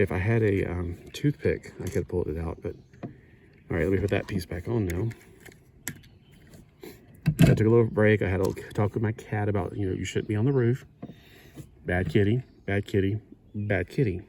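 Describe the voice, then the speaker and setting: A man's voice: low-pitched, noisy background. A middle-aged man chatting casually while he builds a kit, rambling and correcting himself. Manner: rambling, self-correcting, chuckling asides. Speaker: hobby builder. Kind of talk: casual build-along chat.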